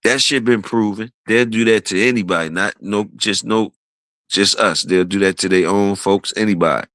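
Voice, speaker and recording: A man on a livestream, rambling in casual chat with profanity, often laughing and quoting others with animated, raised delivery. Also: on the low side, moderate pace, no echo, poor audio. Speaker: streamer host.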